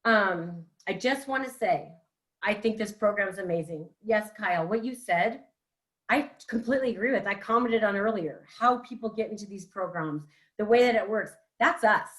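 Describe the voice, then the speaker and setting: A woman's voice: medium pitch, normal speed, a bit bright, rough recording. A woman speaking as a school board director in a virtual meeting, frustrated, emphatic and apologetic. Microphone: computer mic on a video call.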